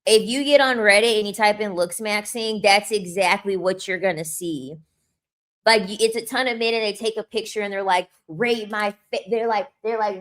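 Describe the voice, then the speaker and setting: A woman's voice: mid-range voice, steady tone, normal speed. A young woman vlogging a blunt, profane, mocking rant to the camera. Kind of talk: ranting commentary.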